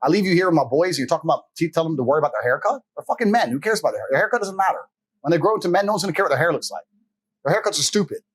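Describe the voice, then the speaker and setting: Brief: a man playing an enraged strict dad, raised high voice, fast, raspy, profane. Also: animated. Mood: furious. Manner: shouting, profane, scolding. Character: furious strict father, grown man.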